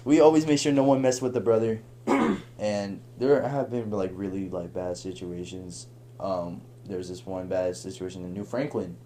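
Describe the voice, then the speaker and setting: A young man telling a long story on a podcast in a casual, animated way, laughing and acting out the voices of the people in it. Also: sits low, normal speed, slight background noise. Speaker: podcast guest.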